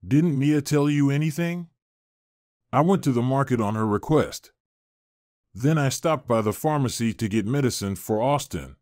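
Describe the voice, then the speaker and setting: A man's voice: mid-range voice, lively intonation, moderate pace, darkish tone, no echo, studio quality, natural voice. A man reading the lines of a timid, frightened young wife who pleads hesitantly. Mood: pleading.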